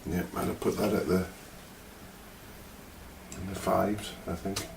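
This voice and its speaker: A man, a guest on a relaxed beer-tasting chat, with a low voice and short, murmured replies broken by whimsical asides. He sits away from the mic in an echoey room with faint noise behind him. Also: measured pace, vocal fry, far from the mic. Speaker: podcast guest.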